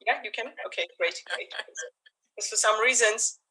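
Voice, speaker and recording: Bright-voiced woman hosting an improv show. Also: a little high, normal speed, low-quality recording. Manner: chatty, upbeat audience address. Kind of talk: live online show hosting. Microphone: video call.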